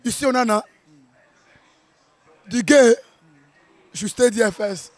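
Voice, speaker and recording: A Nigerian man with a strained voice from shouting, reacting to a football match in an animated, playful way, slipping into Pidgin. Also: extremely high pitch, takes it slowly, dry recording. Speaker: football fan. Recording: outdoor viewing center.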